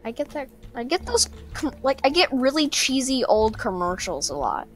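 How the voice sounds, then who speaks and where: Young-sounding gamer girl, kinda high, bouncy voice, faint music behind. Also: big pitch swings, normal speed. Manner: playful, teasing, hums along. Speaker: co-player. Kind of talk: casual gameplay chat.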